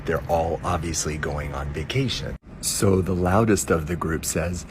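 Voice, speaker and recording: A man's voice: deep voice, fairly even intonation, a little slow, noisy background. A man telling a stand-up story in a conversational, building manner.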